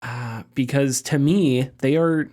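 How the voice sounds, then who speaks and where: A man hosts a casual podcast discussion, taking it slowly in a warm, medium-pitched voice. He speaks conversationally, hedging and thinking out loud.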